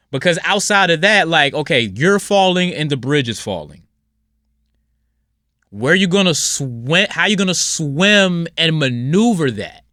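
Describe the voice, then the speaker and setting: A man hosting a casual solo podcast, talking bluntly and rambling, with his voice swinging from loud outbursts to low mutters. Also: dry recording, studio quality. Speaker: podcast host.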